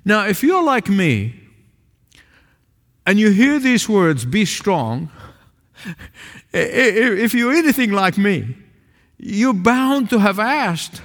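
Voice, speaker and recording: A man preaching a sermon to a small congregation in a church, emphatic, swinging between raised calls and low, quiet asides. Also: big pitch swings, slow pace, long pauses. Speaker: pastor. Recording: long reverb of a large hall.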